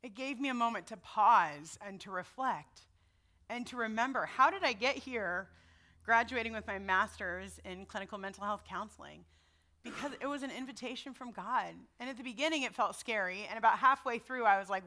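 A woman's voice: a little high, normal speed, pushed and bright. A middle-aged woman giving a sermon in a personal, conversational way, often checking in with her listeners. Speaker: preacher.

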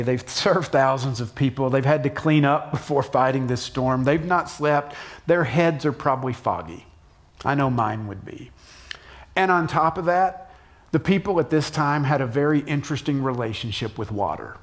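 A middle-aged pastor delivers a conversational sermon, going soft and low for emphasis and jumping up into acted shouts.

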